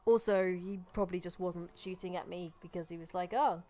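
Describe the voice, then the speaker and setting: A woman commenting chattily on a game during a live stream, wry and quick to swear and laugh at the game. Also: fairly low pitch, little pitch movement, warm tone.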